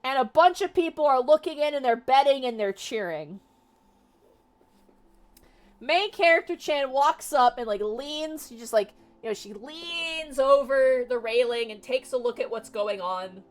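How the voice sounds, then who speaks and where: A young woman streamer casually retelling a novel for her chat, animated and exasperated, swearing freely. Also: high-pitched, measured pace. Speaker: VTuber streamer. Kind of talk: casual livestream book retelling. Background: faint music.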